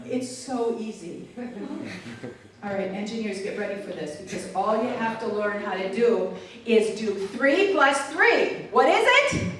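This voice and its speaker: A woman's voice: medium pitch, measured pace, crowd noise. A woman giving a live keynote speech to an audience, playful and chatty, often asking the room questions. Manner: animated, playful, chats with the audience. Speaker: keynote speaker. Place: large hall with an audience. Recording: echoey hall, mic far off.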